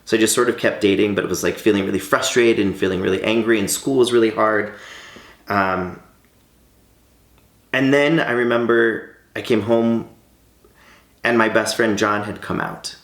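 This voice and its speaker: Gravelly-voiced man telling a personal story. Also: on the low side, fairly even intonation, moderate pace, long pauses, a bit bright, echoey room. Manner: candid and heartfelt, with light laughs. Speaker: vlogger.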